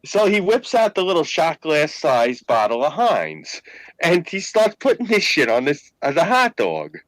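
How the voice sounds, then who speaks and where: A man with a New York accent, telling profane, animated stories in a casual chat. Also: a little high, measured pace, dry recording, rough recording. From Queens, New York.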